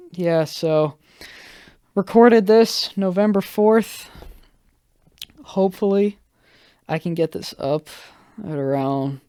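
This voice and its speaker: A young man hosts his podcast alone and recounts a rough few days at an unhurried pace. His voice is smooth and clear, recorded dry and close to the mic. He stumbles through fillers and restarts and pokes fun at himself. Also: high-pitched, a little mellow, no echo. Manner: halting, filler-heavy, self-deprecating. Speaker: podcast host. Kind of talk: casual solo storytelling.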